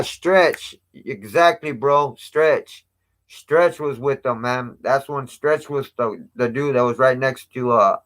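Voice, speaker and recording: His voice is mid-range, bright and forceful as the channel host spins a casual tale for a live chat. Street slang and constant swearing fill the telling, and his volume climbs when he imitates what others said.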